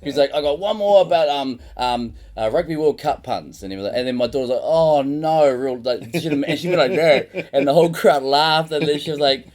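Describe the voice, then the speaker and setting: A man's voice: medium pitch, brisk, hardly any pauses. A man hosting a casual comedy podcast, rambling through stories and acting out other people with silly sound effects; he has a daughter. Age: adult with a daughter. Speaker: podcast host.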